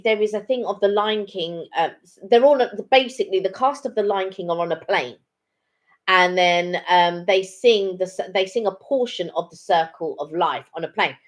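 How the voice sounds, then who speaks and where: A middle-aged woman, co-hosting a live chat and telling stories in a rambling way, full of ums and restarts. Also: mid-range voice. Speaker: co-host of a live chat stream. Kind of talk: casual chat.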